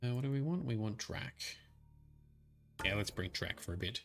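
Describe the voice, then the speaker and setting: A man casually commenting on a game he streams, rambling with many pauses and fillers. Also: medium pitch, expressive, a bit bright. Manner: chatty, rambling, hesitant. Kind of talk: casual let's-play commentary.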